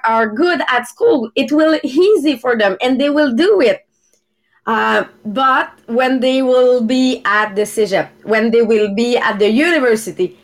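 A woman, hosting a live podcast and searching for her English words. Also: fairly high pitch. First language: French. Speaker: podcast host. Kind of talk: casual live podcast talk. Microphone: video call.

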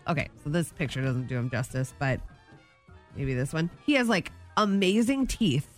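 A woman's voice: low voice, expressive, normal speed, faint music behind. Playful chatty woman radio co-host. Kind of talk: casual morning radio banter.

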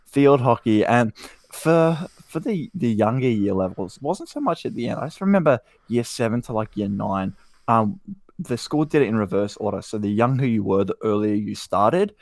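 A young man co-hosting a casual podcast, with a gravelly, creaky edge to his voice. He recorded it dry and close to the mic. He builds jokey rants with mock outrage. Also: on the low side, expressive, normal speed, a little mellow, no echo. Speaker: podcast co-host.

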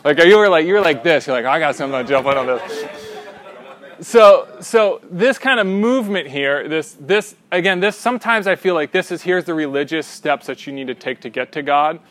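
A young man with a fairly high voice leads a teaching discussion as the class leader. He's animated, often checks in with a quick "right?", and sometimes restarts mid-sentence.

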